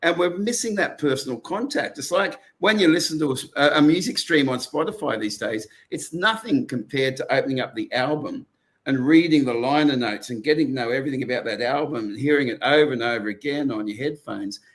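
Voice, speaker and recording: Middle-aged Australian man, mid-pitched, chatty co-host who tells long, meandering stories. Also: lively intonation, a little fast. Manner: rambling storyteller with many restarts. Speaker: podcast co-host. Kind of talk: casual chat.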